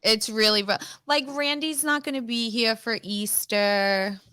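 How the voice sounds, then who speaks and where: A woman's voice: a little high, fairly even intonation, a little slow, pushed and bright, clear, resonant tone, dry recording, studio quality. A woman in her thirties or forties with five kids, chatting casually as a podcast guest, laughing often and swearing freely. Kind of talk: casual chat.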